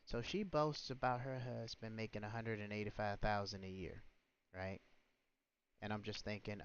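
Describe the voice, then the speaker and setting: A man's voice: lowish voice, fairly even intonation, normal speed, clear, resonant tone. A man hosting a livestream, talking in an indignant, scolding way with many rhetorical questions. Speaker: livestream host. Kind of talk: ranting livestream commentary. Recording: muffled, lo-fi stream audio.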